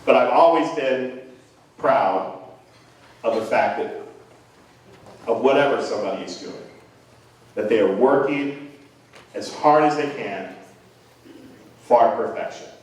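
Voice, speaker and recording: A man's voice: medium pitch, slow pace, long pauses, darkish tone. A middle-aged man giving a rambling, earnest, self-deprecating speech to parents as a band director. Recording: echoey hall from far off.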